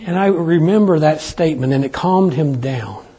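A man's voice: fairly high pitch, lively intonation, normal speed, dark tone. A middle-aged man preaching a sermon, telling a rambling family story in a folksy way and then leading an earnest prayer. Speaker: pastor.

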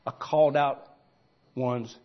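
A pastor, preaching a folksy sermon that builds to loud, emphatic shouting. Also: male voice, mid-range voice, fairly even intonation, takes it slowly, muffled recording.

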